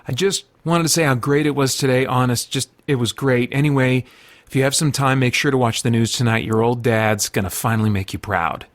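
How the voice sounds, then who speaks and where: A man reading the phone message of a boastful, aging crook, in a quick, rambling, eager way. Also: medium pitch, close to an everyday voice. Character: boastful aging male crook, chatty and proud.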